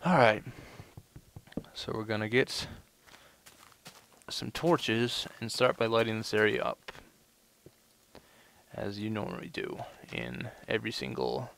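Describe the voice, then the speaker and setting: Gravelly low-voiced man rambling over gameplay. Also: lively intonation, takes it slowly, pauses often, fairly bright tone, a little hiss or hum. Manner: rambling, lots of "you know" fillers. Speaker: gameplay commentator. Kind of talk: casual let's play commentary.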